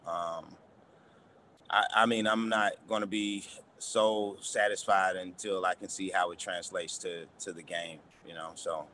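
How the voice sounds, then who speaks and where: A man, a basketball coach, answering press questions in a halting way, repeating words and using many fillers. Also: low-pitched, little pitch movement, pushed and bright, a little hiss or hum.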